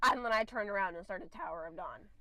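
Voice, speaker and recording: A woman's voice: medium pitch, fast talker, bright, forceful tone, no echo, rough recording. A young woman co-hosting a podcast, gushing about books with stammers and giggles. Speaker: podcast co-host. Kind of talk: casual book chat.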